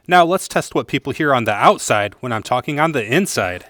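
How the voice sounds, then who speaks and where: A man hosting a how-to video, reading a clear, explanatory voice-over recorded in a blanket vocal booth. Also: mid-range voice, animated, brisk, fairly bright tone, soft background music. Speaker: host of a how-to channel. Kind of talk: scripted voice-over narration.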